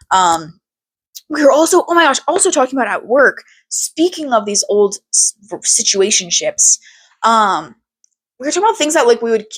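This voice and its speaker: A young woman hosting a podcast, talking in a candid, animated way, swearing freely and using lots of fillers. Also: medium pitch, slightly rough. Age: young adult. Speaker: podcast host. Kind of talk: casual chat.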